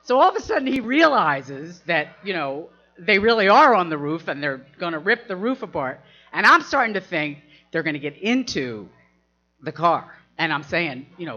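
A woman's voice: on the low side, big pitch swings, moderate pace, sharp tone. A woman telling a personal anecdote, laughing often and acting out the people she quotes. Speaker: storyteller. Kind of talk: personal anecdote told to an audience. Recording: dull lo-fi recording.

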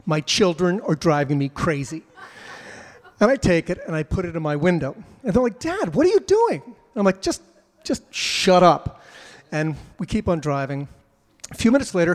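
A middle-aged father recounts a family road trip in a casual, animated way, popping into other people's voices as he goes. His voice sits a little high for a man. The sound carries a long, hall-like reverb. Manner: animated, acts out voices of kids and troopers. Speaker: father telling a family story. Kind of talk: casual personal storytelling.

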